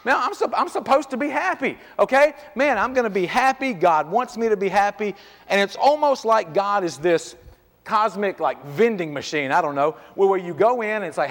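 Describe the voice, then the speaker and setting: High-voiced man preaching in reverberant hall. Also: expressive, a little fast, fairly bright tone. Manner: conversational, full of rhetorical questions. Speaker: pastor. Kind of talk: sermon. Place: church sanctuary.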